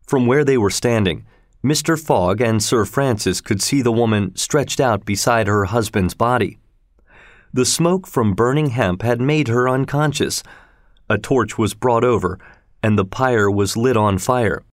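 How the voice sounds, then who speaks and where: A male audiobook narrator reads a classic adventure tale at a steady, measured pace. His voice sits in a middle register and is recorded dry and close to the mic, with no room sound. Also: mid-range voice, no echo.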